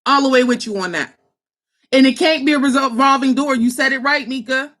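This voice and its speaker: Bright-voiced woman, raw and emphatic. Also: high-pitched, brisk. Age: 30s. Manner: raw, emphatic, profane, fervent. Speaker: social worker and host. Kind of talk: impassioned personal talk.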